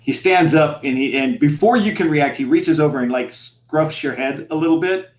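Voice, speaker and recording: A man with a slightly high voice narrates as a tabletop game master, halting often with fillers and restarts. The recording is rough.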